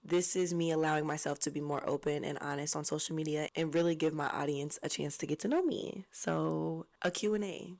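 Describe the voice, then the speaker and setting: A young woman from Southwest Florida, USA, hosts her own podcast in a deep, gravelly, slightly mellow voice with fairly even intonation. She talks a little fast with hardly any pauses, chatting casually and playfully with plenty of slang and laughter.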